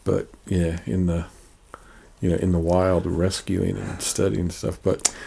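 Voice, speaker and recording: A man's voice: low voice, little pitch movement, measured pace, creaky, warm tone, husky. A man co-hosting a show, chatting casually and rambling with lots of fillers and restarts. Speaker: podcast co-host. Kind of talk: casual chat.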